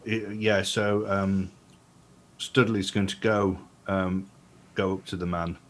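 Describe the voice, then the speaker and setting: A man playing in a tabletop game, quiet and hesitant as he plans his move. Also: deep voice, level tone, takes it slowly, slight background noise. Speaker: player. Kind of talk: casual game table talk.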